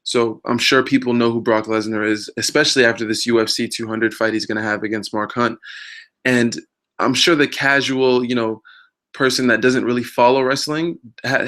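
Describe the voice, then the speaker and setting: A man's voice: mid-range voice, steady tone, moderate pace, a bit bright. A man hosting a wrestling news vlog, talking in a rambling, casual way with many fillers and self-mocking jokes. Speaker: wrestling news show host.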